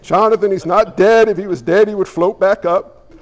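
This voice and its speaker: A calm, matter-of-fact mother, as a preacher voices her, speaking in a fairly high voice. A long hall echo follows every word. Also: moderate pace, lightly acted.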